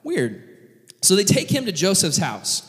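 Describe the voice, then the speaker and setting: A man preaching a humorous, casual sermon in a church hall, retelling a Bible story with animated jokes and lots of fillers. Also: high-pitched, a little slow.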